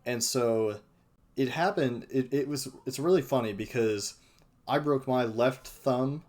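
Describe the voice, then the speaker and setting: A man's voice: mid-range voice, a little slow, a little mellow. A young man hosting a casual podcast chat, hesitant and full of fillers, often restarting his sentences. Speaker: podcast host.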